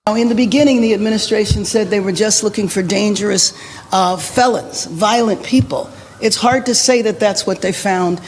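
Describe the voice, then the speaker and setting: A woman, a city official, giving a formal public address in a measured, deliberate way. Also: medium pitch, darkish tone, slight background noise, poor audio. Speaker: city mayor at a press briefing.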